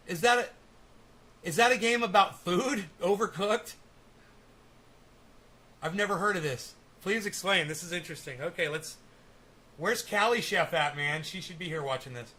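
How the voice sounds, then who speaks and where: A man's voice: sits high, measured pace, pauses often, bright, forceful tone. A man hosting a casual live stream, rambling and swearing, with testy, teasing banter with his viewers.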